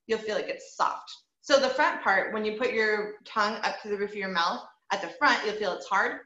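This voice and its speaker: A woman of medium pitch and sharp tone conducts an online group voice lesson, encouraging students while demonstrating sounds. She models owl hoots and bird sounds as part of her explanations. The call audio sounds echoey, dull and lo-fi.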